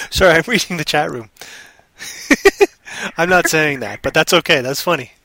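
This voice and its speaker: A playful man hosts a live stream, spinning a made-up story and teasing his co-host. His voice is bright and forceful, recorded bone-dry and close to the mic. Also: a little high, animated, slow pace, no echo. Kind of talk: improvised storytelling and banter.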